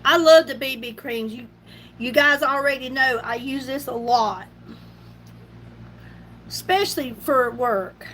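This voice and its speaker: A middle-aged woman with a drawl talks through a casual makeup livestream in a high, bright voice. She is chatty and laughs easily, and she breaks off to greet viewers by name. A faint room hum sits behind her. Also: a little slow, pauses often. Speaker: beauty livestream host. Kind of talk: casual makeup live chat.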